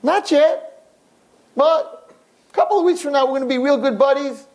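A man's voice: very high-pitched, normal speed, a little mellow, pitched above the performer's own voice. A man voicing a cheerful, legless old man in a nursing home, talking in an eager, upbeat, chatty way.

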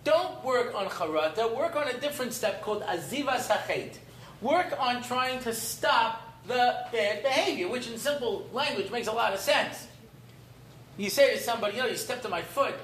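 High-voiced man giving a humorous Torah class. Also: lively intonation, normal speed, fairly bright tone. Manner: humorous, digressive, mixes in Hebrew terms. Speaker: rabbi teaching a class. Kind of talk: informal Torah lecture. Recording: roomy echo, faint room noise.

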